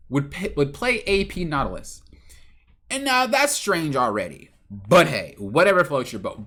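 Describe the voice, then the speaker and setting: Man, podcast host, casual storytelling, animated pitch, rambling with restarts. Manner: rambling, with stumbles and self-corrections. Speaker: podcast host and game coach.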